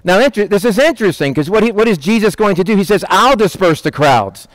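A middle-aged man, a pastor, giving a lively conversational sermon and acting out quotes in passing. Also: high-pitched, rapid-fire, dry recording. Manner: animated, conversational preaching with acted-out quotes.

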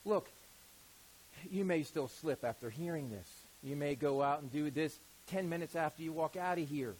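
A pastor preaching at a moderate pace stresses key words by drawing them out and poses rhetorical questions to his listeners. His voice often drops low and soft in the middle of a point, heard through a low-quality recording.

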